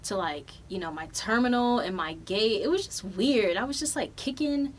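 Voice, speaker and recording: A young adult woman hosting a podcast, telling a travel story in a loose, animated way with plenty of swearing. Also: mid-range voice, moderate pace, a little hiss or hum. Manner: profane, animated, loose and chatty. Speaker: podcast host. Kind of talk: casual storytelling.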